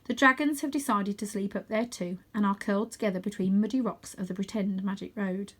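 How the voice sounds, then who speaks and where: A woman reads a children's novel aloud, narrating in the first person at a calm, steady pace. Her voice sits at an ordinary middle pitch. The reading is even and unhurried. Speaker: storybook reader.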